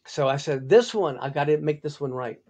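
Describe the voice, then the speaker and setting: An older man hosting a podcast, telling a story in an animated way and acting out other people's lines. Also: fairly quick. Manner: animated, acts out quotes with big pitch jumps. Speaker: podcast host. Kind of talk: storytelling monologue.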